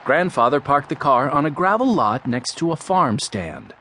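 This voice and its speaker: A man narrating a children's mystery audiobook in a clear, storytelling voice. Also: fairly high pitch, big pitch swings, moderate pace, few pauses, pushed and bright.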